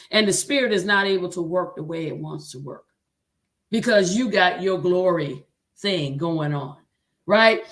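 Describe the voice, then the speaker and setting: A woman's voice: medium pitch, fairly bright tone. A woman with a Southern drawl hosting a livestream for choir directors, preaching and reading viewers' comments aloud. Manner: exhorting, repeats "come on", reads viewer comments aloud. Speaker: host.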